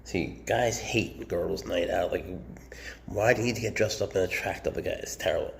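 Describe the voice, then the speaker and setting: In a casual show-and-tell vlog, a snake keeper with a deep, vocal-fry voice talks at normal speed, chatty and joking. He speaks tenderly to the snakes he handles, with slight background noise.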